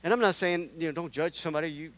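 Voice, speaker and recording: Rapid-fire and fairly high-pitched, this man preaches as a guest in a church sanctuary, animatedly acting out characters in self-deprecating, conversational stories. His volume rises and drops dramatically.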